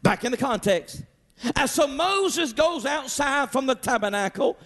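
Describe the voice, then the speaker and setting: A man preaching a Sunday sermon, emphatic, rising to shouts and calling out to his congregation. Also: very high-pitched. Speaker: pastor.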